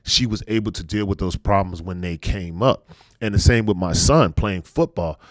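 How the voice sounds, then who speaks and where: A man's voice: low-pitched, moderate pace, dry recording, clean studio sound. A middle-aged man hosting a casual podcast chat, telling personal stories earnestly and dropping his voice when he turns reflective. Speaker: podcast host.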